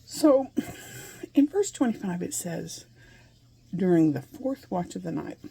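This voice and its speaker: Gravelly-voiced woman teaching scripture. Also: fairly low pitch, sing-song, a little slow, warm tone. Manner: earnest, laughs between points; speaks to listeners with questions. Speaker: Bible teacher. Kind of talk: conversational Bible teaching.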